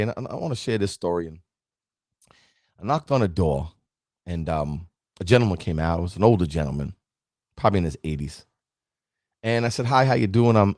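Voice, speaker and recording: A man hosting a motivational talk show, speaking straight to his audience with a preachy, animated delivery. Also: deep voice, no echo, clean studio sound. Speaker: motivational show host and town councilman.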